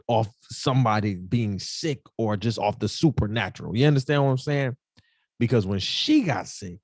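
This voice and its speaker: A man tells a personal story on his podcast in loose, repetitive, heartfelt speech, often checking in with his listeners. His pitch sits in the middle for a man. The recording is dry and close. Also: dry recording. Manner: emotional, repeats himself, addresses listeners as y'all and bro. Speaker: podcast host. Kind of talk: casual storytelling monologue.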